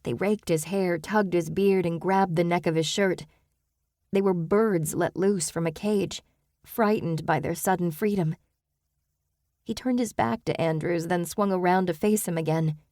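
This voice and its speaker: Woman narrator, audiobook, low dark voice, measured reading, dry close sound. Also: no echo. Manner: even, measured storytelling. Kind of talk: scripted narration.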